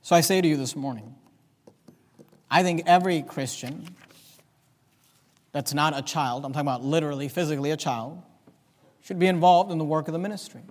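A man preaching a sermon as pastor, reading scripture aloud with slow, emphatic stress in a church. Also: a little high. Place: church sanctuary. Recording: long reverb of a church hall.

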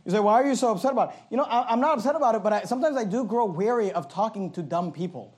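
A man preaching a passionate sermon, reading scripture slowly and emphatically and adding sarcastic asides. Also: high voice, expressive. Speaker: pastor.

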